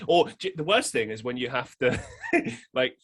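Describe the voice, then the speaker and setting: Male podcast host with a bright, animated voice, stammering and restarting as he chats. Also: mid-range voice, moderate pace, slightly rough. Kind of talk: casual chat.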